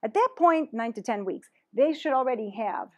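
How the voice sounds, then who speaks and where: A woman's voice: on the high side, animated, normal speed. A woman presenting a teacher-training workshop, talking animatedly and dropping in Spanish phrases.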